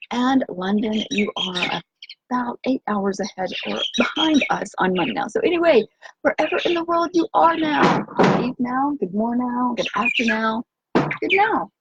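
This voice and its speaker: Heavy background noise and a muffled recording surround a slightly high, expressive female voice at a moderate pace. An organic nutrition coach hosting an upbeat live stream by the sea on a windy day, she chatters in a sing-song, exuberant way and breaks into chants and cheers.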